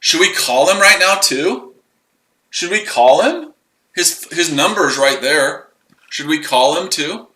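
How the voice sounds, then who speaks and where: A man's voice: on the high side, animated, slow pace, bright, forceful tone, echoey room, heavily acted, poor audio. A man putting on a mocking phone scammer with a fake Indian accent, pushy and repetitive in broken English. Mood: taunting. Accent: put-on Indian.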